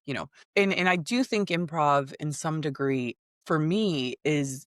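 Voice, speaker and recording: A woman's voice: low-pitched, measured pace, no room sound, studio quality. A woman in her thirties, a guest improv teacher, telling personal stories in casual conversation with frequent laughter. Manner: animated storyteller, laughs often.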